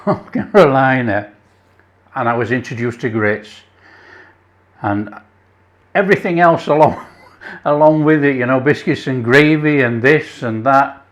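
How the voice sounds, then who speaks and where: A man's voice: mid-range voice, lively intonation, a little slow, fairly bright tone. An Englishman hosting a cooking channel, tasting his food with enthusiastic chuckles and savoring sounds. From England. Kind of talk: casual cooking vlog with tasting.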